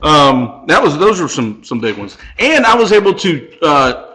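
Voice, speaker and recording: A man's voice: a little high, big pitch swings, moderate pace, sharp tone, poor audio. A man hosting a podcast in a casual chat, asking his co-hosts questions and chuckling along. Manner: chatty, prompts others with questions, chuckles often. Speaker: podcast host.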